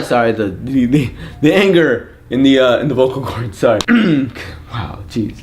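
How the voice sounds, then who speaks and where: A man's voice: mid-range voice, animated, measured pace, a little hiss or hum. A young man vlogging, telling a comic story in an exasperated, repetitive, mock-indignant way. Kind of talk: comedic storytelling rant.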